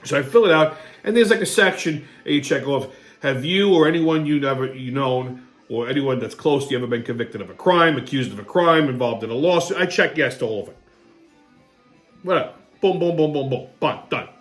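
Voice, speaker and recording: A man's voice: medium pitch, brisk, soft background music. Foul-mouthed, sarcastic male host ranting. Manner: profane, sarcastic and swinging between muttering and excited outbursts. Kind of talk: comedic storytelling monologue.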